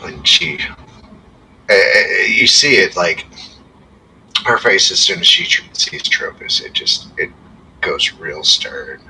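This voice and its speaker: A man's voice: low-pitched, expressive, slow pace, pauses often, bright, forceful tone. A man narrating a tabletop game as game master, in a casual and meandering way. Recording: distant mic, faint background noise.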